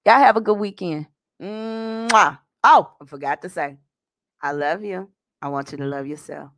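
A woman's voice: low-pitched, animated, normal speed, fairly bright tone, no echo, studio quality. A woman hosting her own radio podcast, rambling and cursing in casual chat. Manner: rambling, profane, chatty. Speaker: radio show host.

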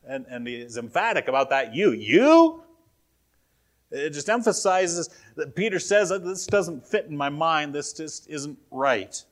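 A man's voice: on the high side, expressive, normal speed, hardly any pauses, fairly bright tone. A man preaching a sermon in a conversational way, often asking his listeners questions. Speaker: pastor.

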